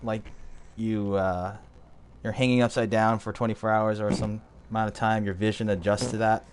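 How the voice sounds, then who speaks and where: A young man chatting casually with friends while setting up, reacting with puzzled quick exclamations. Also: lowish voice, little pitch movement, a little hiss or hum. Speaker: builder streaming a model kit build. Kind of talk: casual chat among friends.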